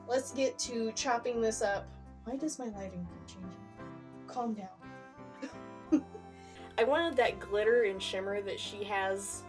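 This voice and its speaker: Brief: young woman, bright-voiced cosplay vlogger, chatty and self-deprecating, faint music underneath. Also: on the high side, slow pace, pauses often. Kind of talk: casual tutorial narration.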